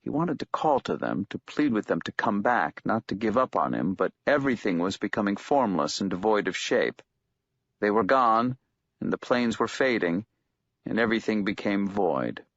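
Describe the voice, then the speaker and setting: A man reads a novel aloud in a measured, steady narration. His voice sits low, and the recording is dull and dry with a lo-fi edge. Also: no room sound. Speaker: audiobook narrator. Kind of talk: scripted narration.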